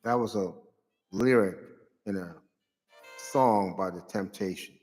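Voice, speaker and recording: A low-voiced man talks through a loose, rambling commentary, hunting for words and then flaring into loud, sarcastic outbursts. His voice rings in a long reverb, and faint music plays underneath. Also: takes it slowly. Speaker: show host. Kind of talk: casual political commentary monologue.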